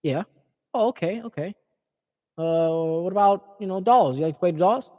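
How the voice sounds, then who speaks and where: Man playing a soft coaxing grown man, probing questions, high voice, echoing reverb. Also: normal speed, highs cut off, natural voice. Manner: gentle, probing, leading questions. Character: coaxing adult man sweet-talking a child.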